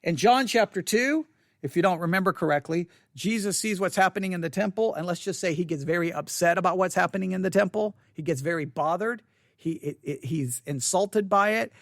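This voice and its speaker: Guy doing a devotional bible podcast, high voice, lots of restarts, dry close sound. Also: no echo. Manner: thinking aloud, with restarts and stammers. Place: seated at a desk.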